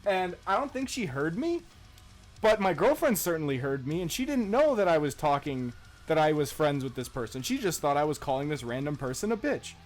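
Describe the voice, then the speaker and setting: A man's voice: on the high side, a little fast, soft background music. A young man and podcast co-host, telling a story in casual chat, swearing freely and laughing as he goes. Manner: profane, laughing, animated retelling.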